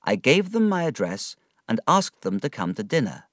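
A man narrating an audiobook story in a slow, measured, expressive reading. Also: medium pitch, no echo, clean studio sound.

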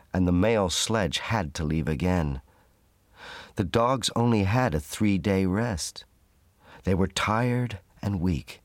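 Male narrator, very deep voice, slow measured storybook reading, dry close sound. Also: no room sound. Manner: measured, clear reading for learners.

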